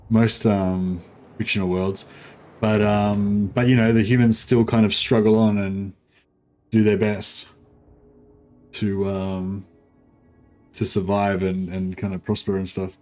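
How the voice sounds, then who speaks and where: A man's voice: fairly low pitch, little pitch movement, slow pace, long pauses, a little mellow, faint music behind. A man casually commentating a livestream of a strategy game, rambling with many fillers and restarts. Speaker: streamer.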